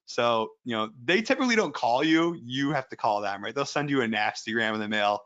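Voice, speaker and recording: A man's voice: mid-range voice, lively intonation, fairly quick, a bit bright, highs cut off. A man giving a casual webinar presentation as an ethical hacker, rambling through anecdotes with lots of fillers.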